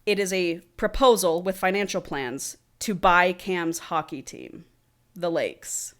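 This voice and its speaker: A woman's voice: on the low side, slow pace. A woman podcast host animatedly retelling a romance novel and reading passages aloud in casual, slangy speech.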